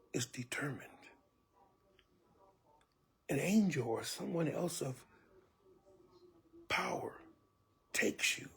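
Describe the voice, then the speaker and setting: A man preaching a sermon as a church elder, telling it vividly and dropping often to a hushed whisper with pleading asides. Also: medium pitch, husky.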